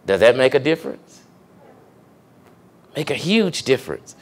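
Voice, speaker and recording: A man's voice: mid-range voice, sing-song, a little slow. A young adult man, a pastor, giving a conversational sermon and checking in with the congregation with questions. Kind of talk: sermon teaching.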